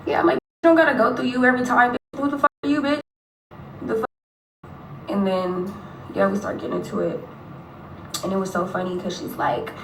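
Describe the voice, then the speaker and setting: A woman tells gossip in an unfiltered, profane way during a casual livestream. The sound is roomy and echoey, picked up by a phone set some distance from her. There is a faint hum in the background. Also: medium pitch. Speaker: livestreaming rapper. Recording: echoey room, phone held away.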